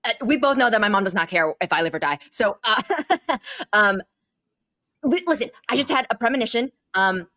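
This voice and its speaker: A woman's voice: fairly high pitch, expressive, moderate pace, bright, forceful tone, dry recording, studio quality. A woman playing a tabletop role-play game, hesitant with many fillers and stammers. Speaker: player.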